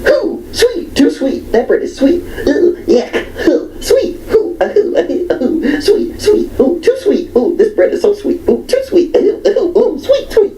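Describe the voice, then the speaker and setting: A man's voice: very high voice, huge pitch swings, measured pace, hardly any pauses, dark tone, roomy sound, voice pushed up, heavily acted, poor audio. A man voicing a whiny, picky woman diner who squeals and repeats herself over and over. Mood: squealing.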